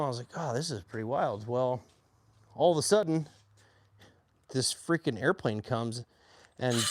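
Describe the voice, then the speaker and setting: Plainspoken man in his forties. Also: mid-range voice. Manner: plainspoken, animated when quoting others. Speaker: army veteran telling his story. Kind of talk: casual storytelling.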